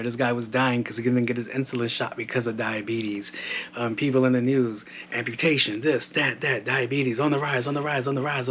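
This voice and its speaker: A man's voice: mid-range voice, fairly bright tone, a little hiss or hum. A man in his thirties hosting a podcast, telling his own story in a blunt, profane, casual way and acting out the dialogue. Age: 30s. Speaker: podcast host. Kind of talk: casual monologue.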